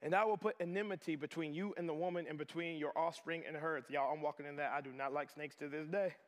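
A middle-aged pastor delivers a sermon, his voice sitting high and bright for a man. He swings between fervent loud passages and hushed, intimate asides. The sound carries a long reverb, like a large chapel hall. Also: steady tone, fast talker.

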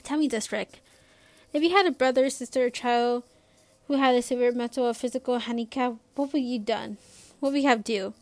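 A young woman reading aloud as an older grandfather who speaks calmly and firmly. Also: on the high side, a little fast, no room sound, lightly acted. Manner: steady and firm. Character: older grandfather, calm, firm and principled.

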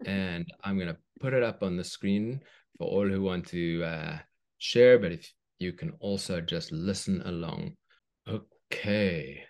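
Children's author reading a story aloud, man, deep voice, gentle and slow. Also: creaky. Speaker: children's book author, guest.

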